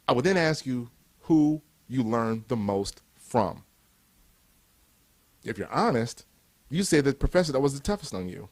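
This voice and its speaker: A man's voice: mid-range voice, lively intonation, moderate pace. Emphatic motivational speaker, a man. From Cleveland, USA. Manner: emphatic, repetitive rhetorical build-ups. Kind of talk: recorded motivational speech.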